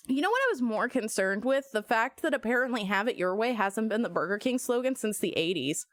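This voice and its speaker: A woman's voice: fairly high pitch, fast talker, few pauses, no room sound, clean studio sound. A woman live-streaming, chatting casually and jokily with her viewers, often breaking into squeals and laughter. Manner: animated, jokey, sudden squeals and laughs.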